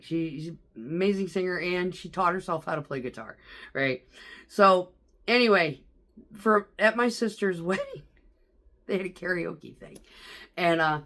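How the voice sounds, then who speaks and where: A middle-aged woman telling stories in a casual vlog, chatty and profane, laughing often. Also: on the low side. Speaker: vlogger.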